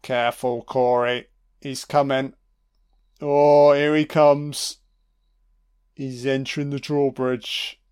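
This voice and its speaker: A man's voice: medium pitch, flat delivery, slow pace, long pauses, darkish tone, clean tone. A man giving a sarcastic, profanity-laced audio commentary while watching a film. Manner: sweary, sarcastic, reacting live.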